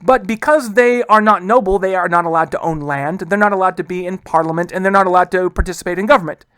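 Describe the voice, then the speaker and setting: A man's voice: high-pitched, a bit bright, clean tone, no echo. A man teaching a history lesson in a casual, chatty way, often saying "guys" and asking rhetorical questions. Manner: acts out historical figures in quick quoted asides. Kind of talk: casual classroom lecture.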